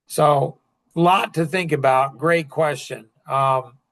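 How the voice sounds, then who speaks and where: Storytelling man with a higher voice. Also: slow pace, gravelly. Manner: storytelling, animated retelling of conversations. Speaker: coach answering audience questions. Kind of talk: casual Q&A podcast talk.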